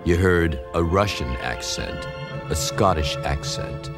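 A man's voice: low-pitched, slow, over loud music. An older man speaking in a reflective, earnest way in a documentary interview.

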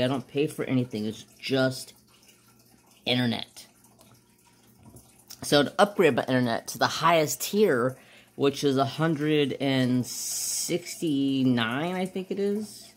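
A man hosting a crafting channel, chatting casually while he works and often losing his train of thought. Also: medium pitch.

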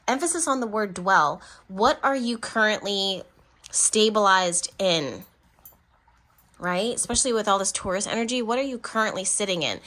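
A woman reading tarot cards for her viewers in a bright, forward tone. She chats in a loose, affectionate way, speaking right to her audience and breaking into laughs between remarks. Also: medium pitch, expressive, normal speed, a little hiss or hum. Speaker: tarot reader. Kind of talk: pick-a-card tarot reading.

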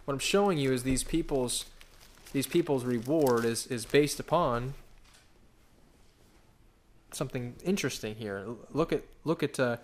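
A man preaching a sermon in a casual, rambling way, with asides and restarts, reading scripture aloud slowly and with emphasis. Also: mid-range voice, a little hiss or hum. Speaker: pastor.

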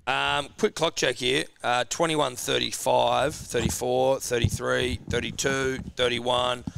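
A young man telling crude, animated stories in a casual chat. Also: medium pitch, a little slow, gravelly, noisy background. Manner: crude, laughing, animated storyteller. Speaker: podcast co-host.

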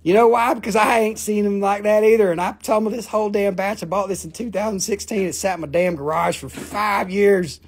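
A husky, slightly breathy voice runs a loose live-stream sale from a family rock shop. The talk rambles between prices and profane jokes, with bursts of laughter in the rhythm. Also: mid-range voice, fairly even intonation, brisk, few pauses. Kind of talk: casual live sales show.

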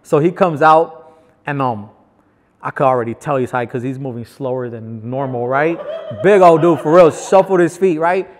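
A man's voice: medium pitch, moderate pace, in a large hall. A man from Los Angeles, a guest telling prison stories in casual, slangy talk, acting out what others said. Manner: animated, slangy, acts out other people's lines. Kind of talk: casual storytelling.

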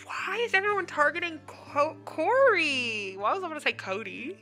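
A woman's voice: high-pitched, expressive, normal speed, pushed and bright, soft background music. A woman streamer giving casual commentary on her gameplay, playful and full of slang, teasing other players and laughing often. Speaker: gaming streamer.

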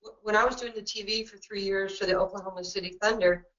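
A woman with a New York accent, a basketball coach speaking in a webinar, blunt and joking, telling stories quickly with many asides. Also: medium pitch, fairly even intonation, a bit bright. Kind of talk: webinar talk. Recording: dull lo-fi webinar audio.

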